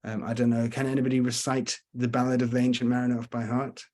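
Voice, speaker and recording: A man working as a tour guide, giving a chatty, rambling virtual tour talk over slides with frequent pauses to think. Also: mid-range voice, level tone, a little mellow.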